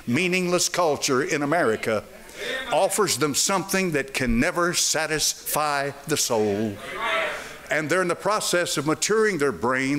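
Older guy preaching in church, voice swinging up and down, throws questions at the crowd. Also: fairly high pitch. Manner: animated preaching with rhetorical questions to the congregation. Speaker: pastor. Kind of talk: sermon. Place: church sanctuary.

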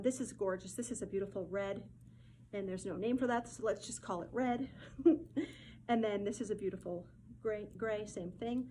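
A woman hosting a casual showcase of fabrics, effusive and gushing, often repeating her words and filling pauses with ums. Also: medium pitch, mellow, slight background noise, low-quality recording. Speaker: host presenting fabric collection.

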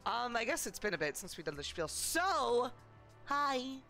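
A woman's voice: a little high, big pitch swings, measured pace, pushed and bright, soft background music. A woman streaming a game for charity, chatting casually in a bubbly way and saying "like" often. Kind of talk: casual live-stream chat over gameplay.

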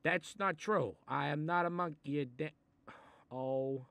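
A man voicing a short-tempered Italian-American mob boss who grumbles, swears and threatens, in a comedic animated role. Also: on the high side, unhurried, dry recording. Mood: gruff menacing. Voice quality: gravelly, threatening. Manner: grumbling asides, sudden angry outbursts, swearing. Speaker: mob boss reading a children's book.

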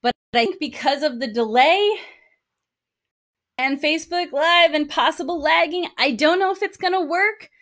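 High-voiced woman teaching dance steps. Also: normal speed, a bit bright. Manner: counting steps aloud while dancing. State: out of breath. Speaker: dance instructor. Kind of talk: live-streamed dance lesson. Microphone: single mic while moving around.

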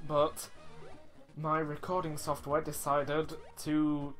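A man's voice: on the high side, fairly bright tone. A man casually commenting as he plays a video game, chatty and self-mocking, reading the game text aloud. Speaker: let's play host. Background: faint game music.

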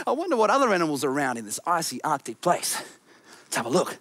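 A woman's voice: low-pitched, big pitch swings, a little fast, very noisy. A woman presenting a children's TV show, exploring playfully, giggling and singing as she talks to the viewers. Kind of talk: children's show narration with songs.

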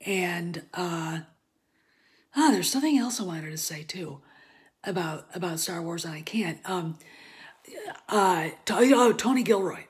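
Slow-talking blunt woman ranting. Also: on the low side, lively intonation. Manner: blunt, profane, drops to murmurs then flares up loud. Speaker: vlogger. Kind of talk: casual ranting commentary.

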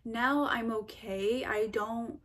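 Young woman doing a q&a vlog, kinda high voice, chatty and animated, lots of um and like. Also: takes it slowly. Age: young adult. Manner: chatty, animated, lots of fillers and self-quotes. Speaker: vlogger. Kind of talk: casual Q&A vlog.

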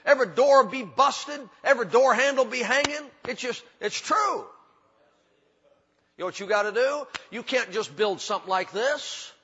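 A preacher with a high, bright voice that has a husky edge. He builds his points through repetition and folksy humor. The sound is a dull recording with a long reverb trailing off the sanctuary walls. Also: lively intonation, normal speed. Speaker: pastor. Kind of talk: sermon. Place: church sanctuary.

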